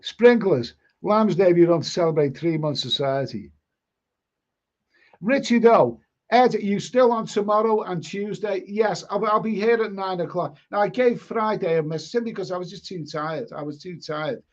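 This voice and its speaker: At a moderate pace, a man whose voice sits high reads viewer comments on a casual live stream. He drifts into rambling stories with blunt, mildly sweary asides, and the stream audio is dull and lo-fi.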